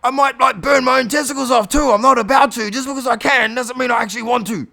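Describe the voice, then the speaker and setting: A man's voice: extremely high pitch, fast, vocal fry, sharp tone, voice pushed up, full character voice. A man voicing a grumpy, deaf old male dragon who is retired and whines about it in a crude comedy tale. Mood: pleading. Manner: whiny, weary, crude.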